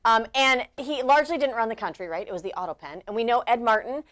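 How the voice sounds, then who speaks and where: A woman's voice: on the high side, fast talker, fairly bright tone. A woman co-hosting a talk show, chatty and gossipy in a casual conversation. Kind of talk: casual chat.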